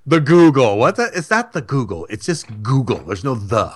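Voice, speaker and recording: A man's voice: mid-range voice, wildly swooping pitch, moderate pace, a bit bright, slightly rough. A man co-hosting a talk radio show, joking and teasing in casual banter.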